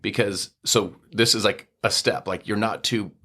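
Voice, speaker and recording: Very deep-voiced man telling a story. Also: moderate pace. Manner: animated storyteller, acts out quoted dialogue. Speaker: podcast guest. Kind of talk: casual storytelling interview.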